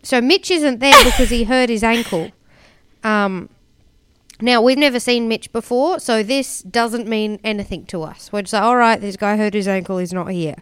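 A woman's voice: on the high side, normal speed, fairly bright tone, clean tone. A woman co-hosting a podcast, chatting casually and rambling through a TV show recap. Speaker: podcast co-host.

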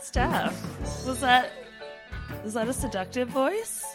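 A Canadian woman co-hosting a podcast in casual chat, playful and quick to laugh. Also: high voice, animated, music in the background. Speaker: podcast co-host.

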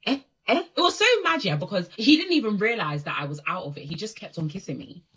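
A woman's voice: medium pitch, quick pace, background noise. A woman telling a casual storytime monologue to camera and acting out each quoted line. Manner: animated, acts out the quotes. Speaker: storyteller in a clip.

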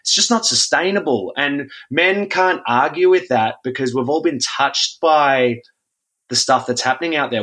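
A man, a guest facilitator talking loosely in a casual podcast chat with many ums. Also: mid-range voice. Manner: relaxed, loose, often says 'um'. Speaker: guest, men's group facilitator.

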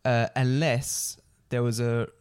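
A man talks at an ordinary pitch in casual conversation. He hesitates and restarts his sentences. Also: flat delivery, slow pace, a little mellow, clean tone. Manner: hesitant, stammering explainer. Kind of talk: casual chat.

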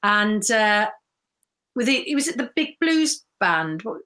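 A woman's voice: mid-range voice, sing-song, measured pace. A woman, telling stories in a casual chat, laughing often. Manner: warm storytelling, laughs often, mimics voices. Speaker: guest.

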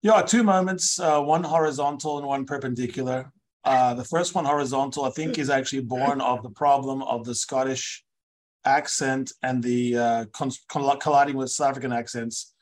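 A man's voice: mid-range voice, moderate pace. A man co-hosting a rugby podcast, chatting casually and spinning playful, jokey stories. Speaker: podcast co-host, rugby expert.

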